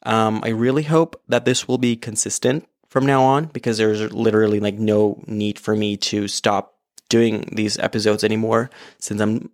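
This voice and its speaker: A man's voice: lowish voice, steady tone, normal speed. Rambling, candid man podcasting solo. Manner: candid, rambling, swears freely, many fillers. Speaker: podcast host. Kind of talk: casual solo podcast monologue. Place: home, apartment. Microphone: podcast microphone on an iPad.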